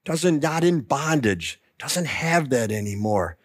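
A man preaching a sermon, telling the story with lively emphasis and acting out the quoted lines. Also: mid-range voice, slow pace, no room sound, studio quality. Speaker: pastor.

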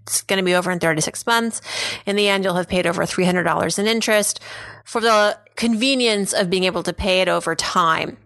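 A woman's voice: on the low side, brisk, a bit bright, dry recording. A woman hosting a podcast, giving casual personal finance advice and thinking aloud with restarts. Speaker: podcast host.

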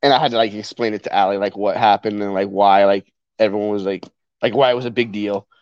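A man's voice: fairly low pitch, steady tone, fast talker, a little mellow, clean tone, dry recording. A man chatting casually at home, laid-back and teasing, often chuckling. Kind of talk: casual chat. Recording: dull, slightly lo-fi mic.

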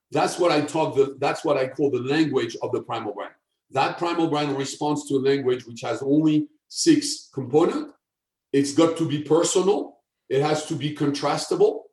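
A man, a guest expert, explaining step by step with examples and often checking in with a quick tag question. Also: a little high, darkish tone. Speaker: guest, sales persuasion expert. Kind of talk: explanatory interview talk. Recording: echoey room.

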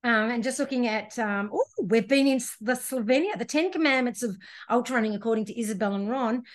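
Chatty woman podcast co-host, higher voice. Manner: chatty, laughs often, quick asides. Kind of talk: casual chat.

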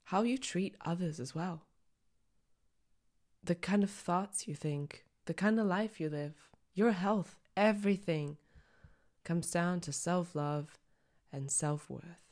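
A woman's voice: fairly low pitch, slow pace, a little mellow. A young adult woman hosting a podcast, talking candidly and rawly about her feelings, swearing and near tears at times. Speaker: podcast host. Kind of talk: personal reflective monologue.

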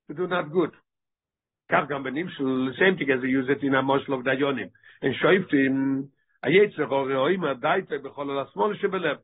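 A male teacher leading a text study class, reading passages rapidly and then explaining them with frequent rhetorical questions. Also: on the high side, husky. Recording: tinny phone-like line.

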